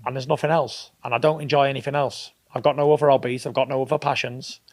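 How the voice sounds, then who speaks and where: A man's voice: mid-range voice, fairly even intonation, quick pace. Blunt, emphatic man in interview. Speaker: professional boxer. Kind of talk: recorded interview.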